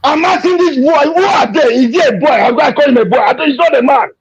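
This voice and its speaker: A man giving an emotional, impassioned political rant, repeating himself and shouting in anger. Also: extremely high pitch, quick pace. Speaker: activist speaking to an interviewer. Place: abroad. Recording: dull lo-fi recording.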